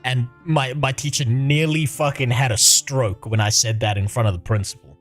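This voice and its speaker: A man's voice: mid-range voice, fairly even intonation, normal speed, faint music behind. A man in his thirties, a livestreamer chatting casually, swearing freely and laughing often. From South Africa. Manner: profane, laughs often while talking. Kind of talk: casual chat.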